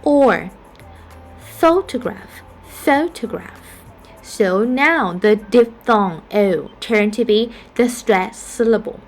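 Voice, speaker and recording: A woman's voice: medium pitch, takes it slowly, few pauses, faint music behind. A woman who speaks English as a second language, teaching a phonetics lesson and saying each example word twice with care. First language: not English. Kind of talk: slow spoken lesson.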